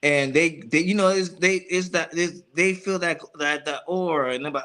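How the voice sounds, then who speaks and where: A middle-aged man chats as a podcast guest, slangy and laughing, often repeating his words. His voice sits a little high and sounds bright. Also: steady tone, moderate pace, few pauses, slight background noise. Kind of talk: casual chat.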